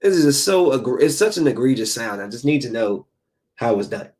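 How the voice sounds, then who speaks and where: A man hosting a solo podcast in an offhand, rambling manner. His voice sits at an ordinary middle pitch, and he speaks loosely, without a script. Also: a little fast. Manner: rambling, animated storytelling; earnest motivational speech. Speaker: podcast host. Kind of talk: casual solo podcast talk.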